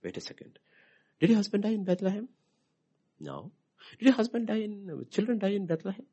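Male preacher, sermon, husky raspy voice, very lively pitch, loud bursts and whispers. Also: a little fast. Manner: dramatic, swings from loud outbursts to hushed whispers.

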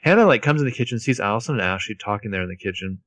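A man's voice: fairly low pitch, animated, very fast, a bit bright, no echo. A man co-hosting a podcast, narrating TV scenes in casual, swearing chat. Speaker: podcast co-host.

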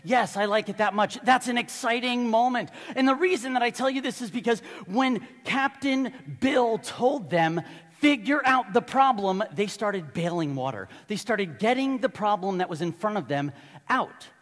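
A man preaching a sermon, telling a story in a lively way and acting out the quotes. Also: high voice, normal speed. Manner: storytelling, animated, acts out quotes. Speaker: pastor. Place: church hall. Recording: long reverb of a large hall.

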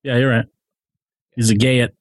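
A man's voice: mid-range voice, level tone, normal speed, no echo. A man co-host chatting casually and bantering with guests. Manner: bantering, reads aloud from a page. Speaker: podcast co-host. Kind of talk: casual chat.

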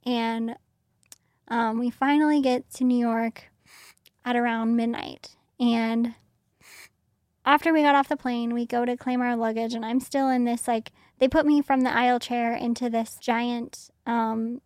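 A woman's voice: on the high side, fairly even intonation, measured pace, darkish tone, no echo, studio quality. A young woman telling a personal story in a casual, conversational way, full of "like" fillers. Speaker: interview guest.

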